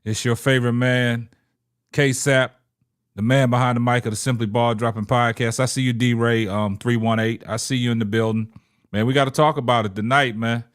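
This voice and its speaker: A young man hosting a casual sports podcast livestream, talking loosely, shouting out viewers and tagging "man" onto nearly every phrase. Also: mid-range voice, steady tone, moderate pace, smooth. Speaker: podcast host.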